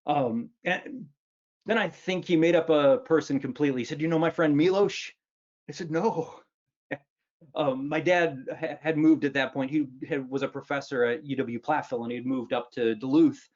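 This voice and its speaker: A man's voice: medium pitch, normal speed, darkish tone, dull audio. A man in his fifties from Wisconsin, an author giving a humorous storytelling speech in a self-mocking way, full of ums and restarts. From Wisconsin, United States. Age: 50s. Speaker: author giving a luncheon talk.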